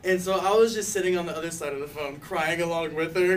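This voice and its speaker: A fast-talking young man with a higher voice, an intern in youth activism, casually tells how he came out, using lots of "like" and "you know" and laughing lightly. The recording has a distant mic and faint noise behind him.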